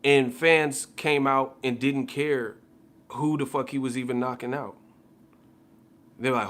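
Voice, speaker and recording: A man's voice: medium pitch, fairly even intonation, measured pace, pauses often, a bit bright. A man ranting casually as a boxing commentator, heated and profane, repeating himself. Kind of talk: casual rant.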